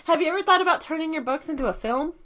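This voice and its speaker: A woman's voice: high voice, very fast, fairly bright tone, dull audio. A woman hosting a casual podcast, giggly and playfully teasing her guest. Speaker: podcast host.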